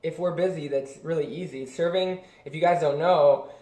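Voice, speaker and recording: A man's voice: on the high side, normal speed, mellow. Rambling young man in an echoey room. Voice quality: rambling, many fillers and restarts. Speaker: vlogger. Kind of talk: casual storytelling.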